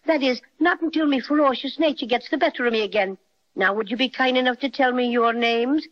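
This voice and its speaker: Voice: high-pitched, fairly quick, close to an everyday voice. A performer voicing a small, cheerful and boastful teddy bear with an Irish accent, acting for a 1930s radio drama. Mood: playful. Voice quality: lilting, chatty, mock-ferocious. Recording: muffled old radio recording.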